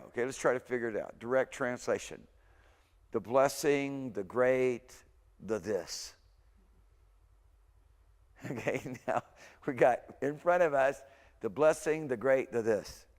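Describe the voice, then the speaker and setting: A man teaching a recorded university language class in a casual, thinking-aloud way, stopping often to correct himself. His middle-pitched voice carries a long reverb from the lecture room.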